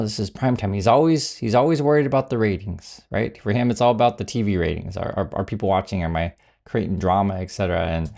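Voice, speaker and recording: Male commentator, low gravelly voice, sarcastic, loose and halting. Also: a little mellow. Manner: sarcastic, many fillers and restarts. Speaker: political commentary host. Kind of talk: casual political commentary.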